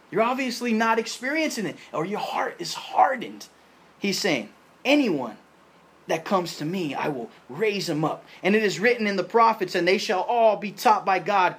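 A man preaching a sermon, animated and slangy, acting out the people in the passage in loud bursts. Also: high-pitched, husky. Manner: animated preacher with slangy asides, voicing crowds and Jesus in louder bursts. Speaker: pastor.

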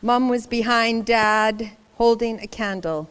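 A woman reading a children's story aloud in a slow, deliberate way, her voice a little high. She is expressive and dramatic, and she stops now and then to speak to young listeners. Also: clean tone. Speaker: storybook reader.

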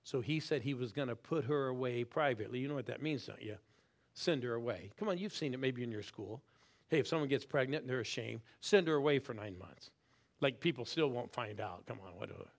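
Middle-aged guy preaching, gets loud then drops to near whisper, keeps egging the crowd on. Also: medium pitch, fairly quick. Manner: animated, swings from loud calls to quiet intense asides; urges the crowd to respond. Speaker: guest preacher. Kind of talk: sermon.

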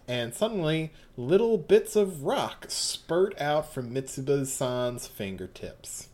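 Low-voiced woman game master. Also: lively intonation, slow pace, hardly any pauses, warm tone. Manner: wry, chatty, laughing often. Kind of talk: narrating a tabletop game.

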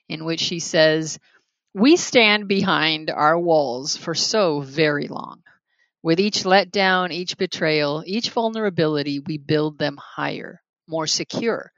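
A podcast co-host, wry and teasing, reading a post aloud slowly and softly. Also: medium pitch, no room sound, dull audio. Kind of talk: casual chat and reading aloud.

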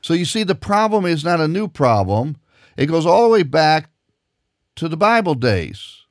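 A man preaching a radio sermon and reading scripture, emphatic, repeating words and climbing in pitch as he presses a point. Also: big pitch swings, moderate pace, dry recording, clean studio sound. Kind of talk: old-time radio sermon with Bible reading.

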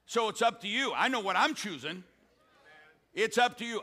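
An older man preaching from the pulpit with a high, bright, forceful voice. He surges into loud exhortation, then drops low and quiet to tell a story. This is a full-blown sermon. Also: animated, moderate pace. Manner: swings between loud exhortation and hushed storytelling. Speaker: pastor.

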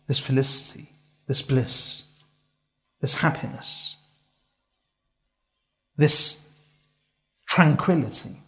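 A man preaching a sermon, reciting Arabic scripture and translating it with heavy emphasis, stacking ideas into long repetitive lists. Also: a little high.

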